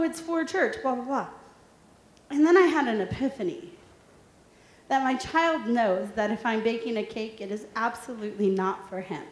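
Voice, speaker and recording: A woman in her thirties presenting a workshop, telling funny stories and asking the audience questions. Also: on the high side. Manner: lively storytelling, asks the audience questions. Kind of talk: humorous motivational talk to an audience. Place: large room with an audience. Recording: echoey room.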